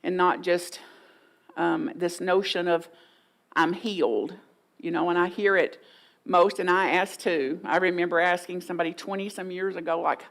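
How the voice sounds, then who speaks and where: A woman's voice: fairly low pitch, steady tone, normal speed, gravelly. A middle-aged woman, preaching a sermon in a folksy, playful way and acting out inner voices for the congregation. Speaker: guest minister.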